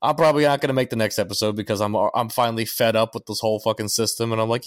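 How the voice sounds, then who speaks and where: A man's voice: on the low side, fairly even intonation, racing, hardly any pauses, no echo, clean studio sound. A man co-hosting a podcast, ranting in casual chat and swearing constantly. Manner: profane, ranting. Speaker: podcast co-host.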